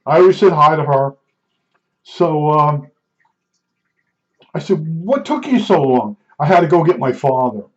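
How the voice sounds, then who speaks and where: A middle-aged man telling a rambling personal anecdote, excitable, restarting sentences and acting out the dialogue. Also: fairly high pitch, a little slow, long pauses. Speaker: storyteller recounting an incident. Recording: dull lo-fi recording.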